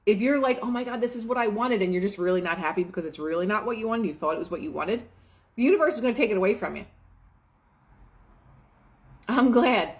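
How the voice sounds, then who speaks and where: A woman's voice: medium pitch, fast talker, long pauses. A young adult woman hosting a casual motivational talk, chatty and full of fillers, acting out quoted asides. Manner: chatty, filler-heavy, quotes herself and others in lively asides. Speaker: manifestation show host.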